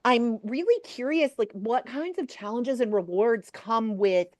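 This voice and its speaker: A woman moderating a webinar, asking gentle questions in a friendly way. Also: a little high, a little slow, no echo.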